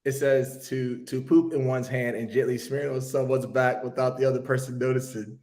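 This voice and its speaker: A man on a casual podcast, reading aloud and reacting with loud exclamations. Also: medium pitch, steady tone, normal speed. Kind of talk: casual profane banter.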